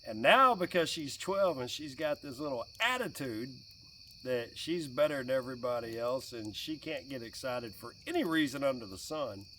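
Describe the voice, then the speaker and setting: A man's voice: medium pitch, moderate pace, far from the mic, a little hiss or hum. Middle-aged guy rambling by the campfire, voice swings up and down a lot, mic a ways off, crickets faint behind. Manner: animated, laughs often while telling stories. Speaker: vlogger and dad. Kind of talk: casual fireside storytelling. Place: outdoors by a fire at night. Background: faint crickets and outdoor ambience.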